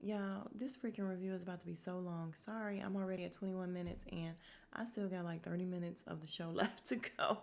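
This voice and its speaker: Gravelly-voiced woman doing a casual recap. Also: lowish voice, steady tone, a little fast. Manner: chatty and frank, with laughs and swearing. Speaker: podcast host.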